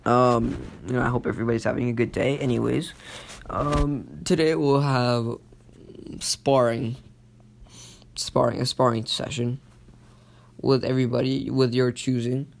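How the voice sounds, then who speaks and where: A man's voice: mid-range voice, steady tone, a little slow, gravelly, pauses often, slight background noise. A man doing a friendly ninja teacher. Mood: cheerful. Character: friendly adult male ninja teacher addressing class.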